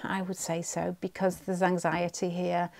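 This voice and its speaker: A woman's voice: on the low side, completely flat delivery, moderate pace, creaky, a little mellow. A woman giving a pick-a-card tarot reading at home, thinking aloud and rambling, often restarting her sentences.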